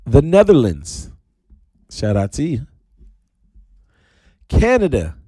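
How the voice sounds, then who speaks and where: A playful, animated radio DJ with a mellow, breathy-edged voice hosts a casual talk show from a studio. He swoops into high, drawn-out shouts, and the sound is clean with no room echo.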